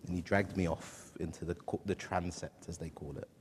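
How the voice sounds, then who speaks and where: Deep-voiced male pastor in a reverberant church. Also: steady tone, a little mellow, a little hiss or hum. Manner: halting, emotional personal storytelling. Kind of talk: sermon.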